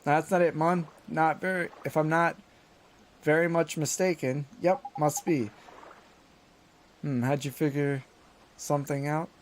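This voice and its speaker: A man's voice: on the high side, steady tone, measured pace, long pauses, a little hiss or hum, natural voice. Man doing Drippy, a folksy little fairy. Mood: encouraging. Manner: chatty, folksy turns of phrase. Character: cheeky little male fairy sidekick.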